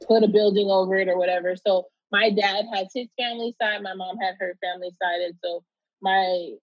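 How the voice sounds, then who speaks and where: A woman's voice: mid-range voice, fairly even intonation, brisk, dry recording. Candid woman telling a story, dull dry sound. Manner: loose and candid, many fillers and restarts. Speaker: interview guest. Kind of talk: casual conversational storytelling.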